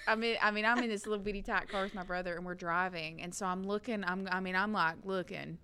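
A woman, co-hosting a podcast and telling stories in a casual, animated way, laughing and building to loud peaks. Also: mid-range voice, fast, clear, resonant tone. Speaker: podcast co-host. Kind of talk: casual storytelling chat.

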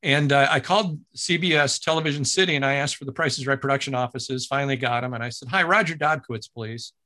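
A man who works as a broadcaster, telling a story in an interview in an animated way, with frequent restarts and acted-out quotes. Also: medium pitch, quick pace.

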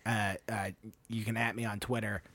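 A young man co-hosting a casual podcast, rambling and animated as he describes songs. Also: moderate pace, dry recording, studio quality. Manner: rambling, animated, acts out lyrics in a high voice. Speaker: podcast co-host. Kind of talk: casual chat.

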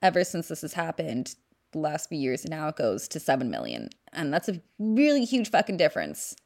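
Lively Valley Girl podcast host woman. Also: deep voice, moderate pace, vocal fry. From San Fernando Valley, California. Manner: candid, profane, jokey. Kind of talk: casual chat.

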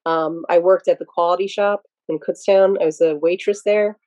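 A woman from Pennsylvania talks as a podcast guest, drifting from one memory to the next and often restarting her sentences. Her voice sits a little low, with a soft, mellow tone. The recording is close and dry, with no room sound. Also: steady tone, moderate pace, no echo, rough recording. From Pennsylvania, USA. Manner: rambling, digressive, many restarts. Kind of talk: casual interview storytelling.

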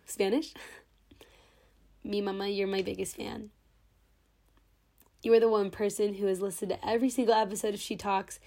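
A young woman hosts her podcast alone in front of her camera, speaking with open sentiment. She sounds close to tears but keeps talking steadily, her voice at an ordinary middle pitch. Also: darkish tone. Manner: sentimental, tearful but holding back. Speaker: podcast host. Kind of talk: heartfelt podcast monologue. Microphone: own camera.

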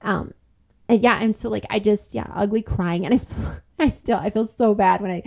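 A woman's voice: medium pitch, normal speed, creaky, warm tone. A young woman, a podcast guest, telling a heartfelt personal story in casual conversation, full of fillers and repeated words.

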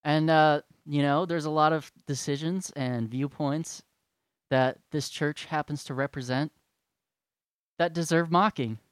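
A man's voice: on the high side, fairly even intonation, a little slow, clear, resonant tone, dry recording. A man ranting to his followers in a sarcastic, profane and rambling way. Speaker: vlogger. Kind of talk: profane rant to camera.

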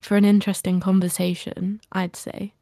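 A woman's voice: mid-range voice, level tone, moderate pace, dark tone, no room sound, clean studio sound. A woman co-hosting a podcast in casual chat, chatty and laughing often. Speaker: podcast co-host.

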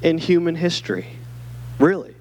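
A man preaching from the pulpit as a church pastor, his voice sitting a little high for a man. He keeps the sermon conversational, tossing rhetorical questions to the congregation as he goes. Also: animated, normal speed, a little mellow, a little hiss or hum. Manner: conversational preaching with many rhetorical "right?" checks.

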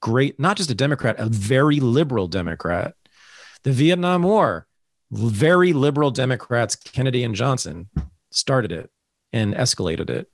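Podcast host, male, animated sarcastic rant, middle pitch, dry close mic. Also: normal speed, no echo. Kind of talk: casual political talk.

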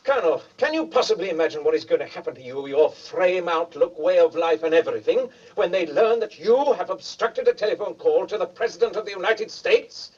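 An actor playing a flustered, prim British officer with a British accent, speaking in a clipped, exasperated way. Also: male voice, sits high, animated, brisk, hardly any pauses, darkish tone, husky. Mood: outraged. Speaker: British air force officer. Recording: muffled old film audio, distant.

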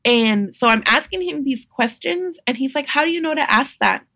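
A young adult woman, a midwife guest on a podcast, telling a personal story in a casual, animated way and acting out the voices of others. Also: high-pitched, normal speed, no room sound, studio quality. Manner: animated, acts out quoted voices, laughs often.

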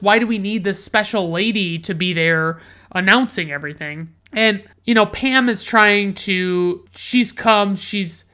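A woman's voice: medium pitch, sharp tone. Woman ranting casually, swearing a lot. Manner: rambling, heavy swearing, many filler likes. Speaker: podcast host reviewing movies. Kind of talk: casual rant.

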